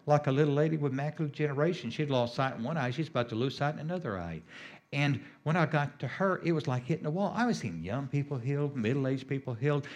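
A man's voice: medium pitch, lively intonation, fast. A middle-aged man preaching a sermon as a healing minister, emphatic and repetitive, with sudden rises on key phrases.

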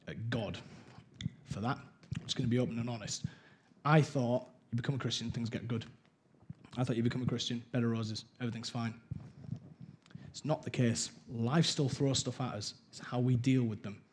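A man's voice: mid-range voice, slight background noise. Candid man giving his testimony. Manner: candid, conversational, halting restarts. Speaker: church member sharing his testimony. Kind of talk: personal testimony talk.

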